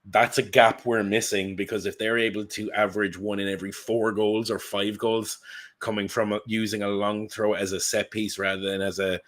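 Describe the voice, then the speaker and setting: A man co-hosting a football podcast, talking in an animated, rambling way and swearing freely. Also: lowish voice, a little fast. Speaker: podcast co-host. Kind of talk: casual football chat.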